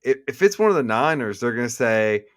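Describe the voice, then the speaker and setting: A man's voice: mid-range voice, big pitch swings, a little fast. A man co-hosting a sports betting podcast, talking eagerly with stammering restarts. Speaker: podcast co-host. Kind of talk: casual sports betting chat.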